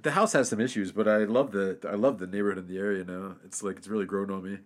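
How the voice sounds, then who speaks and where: Fast-talking, rambling young man. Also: fairly low pitch. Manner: rambling, many restarts and fillers, swears casually. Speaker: podcast co-host. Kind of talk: casual chat.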